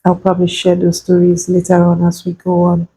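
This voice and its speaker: A woman in her thirties telling a painful personal story, slow and halting, tearful at times. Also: on the low side, monotone, warm tone, slightly rough, low-quality recording. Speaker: vlogger sharing a personal story.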